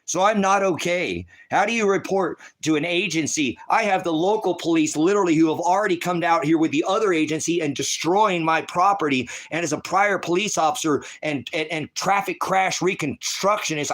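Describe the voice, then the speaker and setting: A tearful preacher pours out an impassioned prayer, his voice sitting a little high for a man. He pleads and presses with question after question, raw and distraught. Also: a bit bright. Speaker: ministry preacher. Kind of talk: emotional spoken prayer to a congregation.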